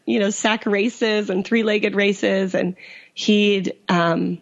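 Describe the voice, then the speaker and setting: A woman of middling pitch speaks as an interview guest, recounting her own past with sincerity. She laughs easily and her voice jumps up when she quotes others. The sound is a little dull and lo-fi. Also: creaky. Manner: earnest, quick to laugh, quotes others in lively bursts. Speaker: guest, author and survivor. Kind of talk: personal story in an interview.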